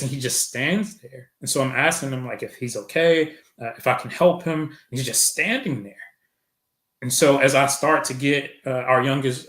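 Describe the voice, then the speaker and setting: A man's voice: mid-range voice, a bit bright. Reflective man telling a story, roomy sound. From Chicago. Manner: reflective, retells events with quoted dialogue. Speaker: podcast guest. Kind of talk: storytelling in conversation. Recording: roomy echo.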